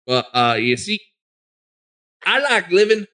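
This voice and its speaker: A man's voice: high-pitched, sing-song, takes it slowly, pushed and bright, voice pushed up, exaggerated voice. A man voicing a folksy male forest gnome adventurer with a rambling drawl in a tabletop role-play.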